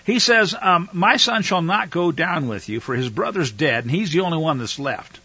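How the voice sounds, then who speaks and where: A man's voice: high voice, expressive, normal speed, hardly any pauses, pushed and bright, slightly rough, no room sound. A man teaching the Bible verse by verse, reading passages aloud and then explaining them in his own words. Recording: dull lo-fi dry recording.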